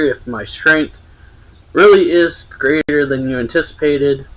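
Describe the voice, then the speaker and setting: A man reading the lines of a calm, teasing young woman fighter in a slightly raised, half-acted voice. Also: medium pitch, muffled recording.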